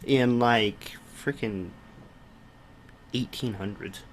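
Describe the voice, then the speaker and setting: Young man from Wyoming, relaxed trivia talk, mid-pitched voice, faint hiss. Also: slow pace. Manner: easygoing, trivia-sharing. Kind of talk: casual chat.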